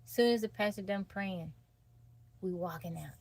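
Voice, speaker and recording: A woman's voice: medium pitch, moderate pace, a little mellow, no echo. A woman hosting a livestream, chatting casually with viewers and reading out their comments. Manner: laid-back, laughing, reads out and greets chat. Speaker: livestream host. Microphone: phone.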